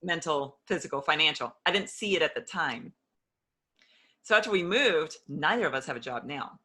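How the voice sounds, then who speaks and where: A woman's voice: low voice, lively intonation, moderate pace, bright, forceful tone. A woman telling her personal story in an interview, earnest and openly emotional, acting out old conversations as she goes. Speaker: interview guest.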